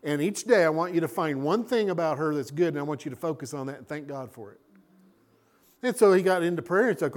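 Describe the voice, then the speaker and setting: A man preaching a sermon as a pastor, animated and acting out little scenes. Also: on the high side, fairly quick.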